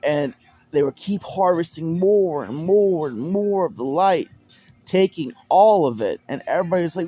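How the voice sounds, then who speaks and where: A man's voice: fairly high pitch, expressive, moderate pace, mellow, breathy edge, soft background music. A man telling a personal story in a casual, rambling way, often repeating words and restarting sentences. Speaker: storyteller recounting personal experience. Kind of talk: casual spoken monologue.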